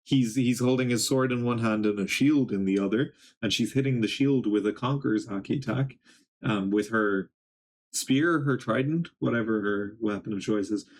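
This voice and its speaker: A young man streaming a live reaction, reading a comic aloud and reading its dialogue in his plain voice, in a casual, halting way. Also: fairly low pitch.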